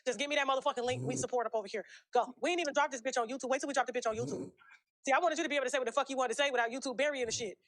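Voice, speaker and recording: A woman's voice: sits high, steady tone, racing, a bit bright. A woman hosting a casual interview, asking blunt and profane questions. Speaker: interview host.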